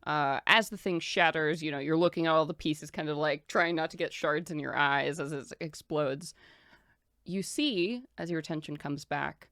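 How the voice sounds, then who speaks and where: Low-voiced woman narrating as game master. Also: moderate pace, fairly bright tone, no echo, studio quality. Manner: loose, descriptive, filler-heavy narration.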